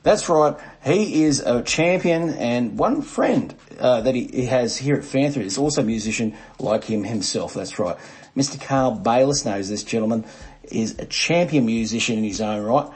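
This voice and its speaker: Australian male podcast host, husky tone, upbeat and jokey, easygoing chatter. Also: medium pitch, normal speed. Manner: lively, jokey, Aussie slang. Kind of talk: casual podcast chat.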